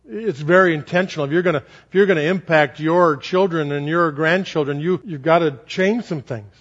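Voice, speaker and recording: A man preaching a sermon, telling stories in an animated way and repeating words for effect. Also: a little high, normal speed. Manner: animated, repetitive. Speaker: pastor. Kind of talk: sermon storytelling. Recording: lo-fi sermon recording.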